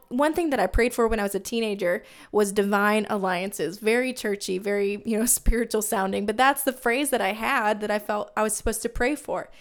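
A young woman hosting a faith podcast, telling a family story in an earnest, heartfelt and casual way. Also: medium pitch. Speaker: podcast host in ministry.

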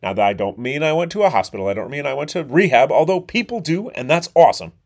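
A middle-aged man, hosting a podcast and talking bluntly and candidly, with frequent swearing. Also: fast talker. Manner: blunt and profane, animated swings in pitch and volume. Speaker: podcast host. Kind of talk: candid monologue.

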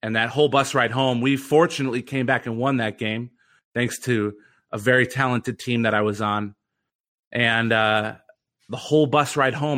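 Bright-voiced man telling a story. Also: mid-range voice, fairly even intonation, normal speed. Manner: earnest, reflective storytelling. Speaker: guest, former pitcher and mental conditioning coach. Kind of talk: storytelling in a podcast interview.

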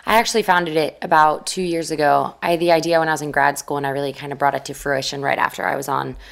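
A young woman guest in an interview, telling stories in a casual, animated way and acting out the voices she quotes. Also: deep voice, fast, vocal fry. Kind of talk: casual storytelling.

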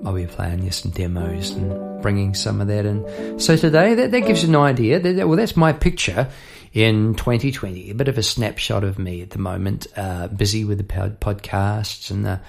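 Gravelly New Zealand man telling stories. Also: fairly low pitch, moderate pace, music in the background. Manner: lively anecdotes, mimics others, chuckles. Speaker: podcast host and musician. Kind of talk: storytelling monologue.

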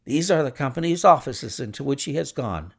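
A man voicing an eager, cheerful young male clerk who tells his story in an animated way. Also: medium pitch, a little fast, gravelly, husky.

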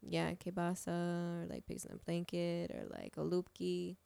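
A woman's voice: lowish voice, moderate pace, vocal fry, mellow, dry recording. A young woman talking casually as a podcast guest, swearing freely and saying "like" a lot. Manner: chatty, swears freely, says "like" often. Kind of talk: casual chat. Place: small podcast studio.

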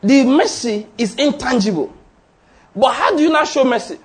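A pastor with a very high, expressive voice preaches to his congregation in church at a normal speed. He quizzes them with call-and-response questions, repeats his points emphatically, and laughs now and then.

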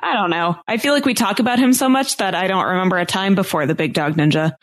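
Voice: mid-range voice, quick pace. A podcast co-host in casual chat, making wry, joking asides about the competitors.

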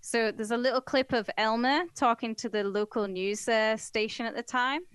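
Casting: Northern English woman, podcast co-host, chatty and wry, fairly high voice, dry close mic. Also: fairly even intonation, moderate pace, a bit bright, clear, resonant tone, no echo. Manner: chatty, laughs often, wry. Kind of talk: casual true crime chat.

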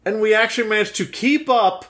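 A man with a slightly high voice talks casually as a podcast co-host. His humor is dry and deadpan, and he keeps the conversation moving along. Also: brisk. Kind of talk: casual chat.

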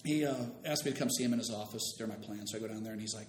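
A middle-aged man in casual chat, rambling and acting out the people in his story. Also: racing. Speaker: storytelling guest. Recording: roomy room with faint rumble.

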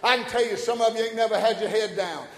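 A high-voiced pastor preaches at a quick pace in a big church sanctuary, swinging from easy, folksy, joking asides up to full-throated shouted climaxes. The roomy, echoey hall gives every line a long trailing reverb.

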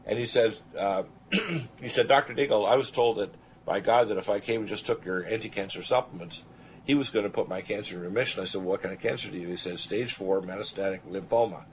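A man's voice: fairly low pitch, fairly quick, a little hiss or hum, rough recording. Older man telling a rambling testimony. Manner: animated testimony, rambling with fillers and throat clearing. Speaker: radio show host, physician. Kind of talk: storytelling on a talk radio show.

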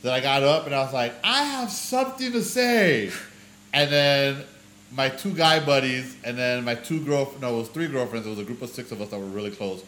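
A man tells stories in a casual chat, jumping into voices whenever he quotes someone. His tone is bright and forceful. The room is echoey. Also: mid-range voice, brisk. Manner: animated storyteller who acts out quoted voices. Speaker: podcast co-host.

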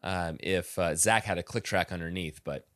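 A man's voice: low-pitched, moderate pace, fairly bright tone, no echo, clean studio sound. A man co-hosting a podcast over a call, chatting enthusiastically and rambling with restarts. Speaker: podcast co-host. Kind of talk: casual chat on a call.

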